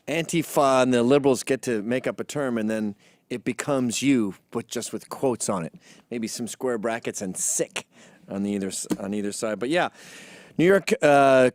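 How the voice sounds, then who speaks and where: A man's voice: medium pitch, a little mellow. A middle-aged man, a commentator, telling a story in a sarcastic, comedic monologue and acting out quotes in mock voices.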